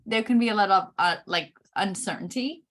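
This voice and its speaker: A middle-aged woman giving a chart reading, explaining each point slowly with frequent pauses. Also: medium pitch, fairly bright tone, slight background noise. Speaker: Human Design reader.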